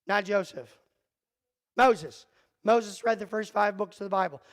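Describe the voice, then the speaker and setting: With a high-sitting voice and an unhurried pace, a middle-aged man leads church youth group, joking with and teasing the kids in the room while laughing at himself. He uses a handheld or headset mic, and the low-quality recording has no room sound.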